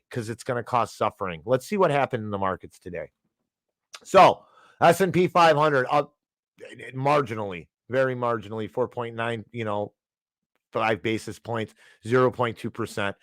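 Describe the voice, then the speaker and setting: A man's voice: medium pitch, a bit bright, dry recording. A man hosting a finance show, ranting heatedly with frequent restarts and apologies. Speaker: podcast host.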